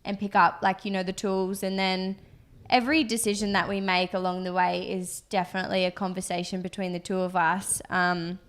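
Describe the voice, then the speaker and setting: A woman's voice: fairly low pitch, little pitch movement, a little fast. Woman, young adult, casual podcast chat, rambling, filler-heavy. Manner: chatty, rambling, frequent "like" and "um". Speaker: podcast co-host, business co-founder.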